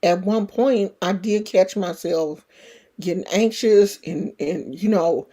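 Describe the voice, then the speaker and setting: A woman's voice: on the low side, slow, dark tone. A woman in her sixties chatting frankly and casually as a vlogger, swearing freely and speaking in an earthy way. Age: 60s. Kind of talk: casual to-camera chat.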